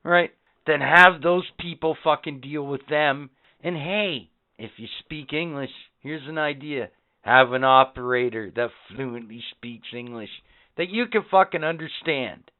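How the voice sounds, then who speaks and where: A man with a slightly high, smooth voice rants and swears his way through a story on a casual podcast. The sound is thin and tinny, like a phone line. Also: unhurried, dry recording. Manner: profane, ranting storyteller. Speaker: podcast co-host. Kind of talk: casual chat.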